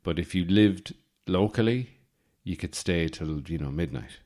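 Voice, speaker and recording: An Irish man in his forties, hosting a podcast with a rambling, deadpan comic monologue full of fillers and restarts. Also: low-pitched, a little slow. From Ireland. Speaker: podcast host.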